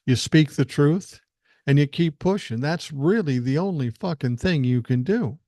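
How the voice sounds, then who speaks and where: A man's voice: a little high, animated, measured pace, warm tone, dry recording, studio quality. An older man hosting a solo podcast, talking bluntly and emphatically, with frequent swearing. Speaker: podcast host. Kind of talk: solo political podcast monologue.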